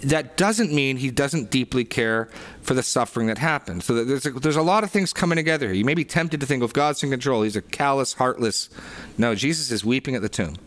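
A man leads a reflective sermon discussion, reading aloud and explaining with earnest emphasis and frequent restarts. His medium-pitched voice is expressive and fairly quick.

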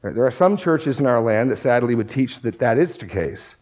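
A man's voice: medium pitch, lively intonation, normal speed, darkish tone, rough recording. Man preaching with emphatic rising bursts. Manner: quotes scripture aloud, reads verses with emphasis. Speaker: pastor. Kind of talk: sermon.

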